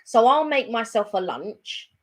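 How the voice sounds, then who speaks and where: A woman's voice: on the high side, sing-song, a little slow. A woman co-hosting a casual live chat, rambling along with lots of fillers and restarts.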